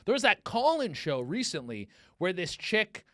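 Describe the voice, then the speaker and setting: A man's voice: high-pitched, big pitch swings, normal speed, a bit bright, no room sound, clean studio sound. A man hosting a casual comedic podcast, telling rambling dating stories full of swearing and fillers, and acting out the people he quotes. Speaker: podcast host.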